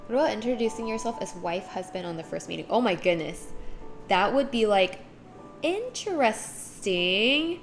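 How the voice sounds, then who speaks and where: A woman streamer in casual chat, reading chat aloud and acting out little voices with a giggly, animated manner. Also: medium pitch, moderate pace, soft background music.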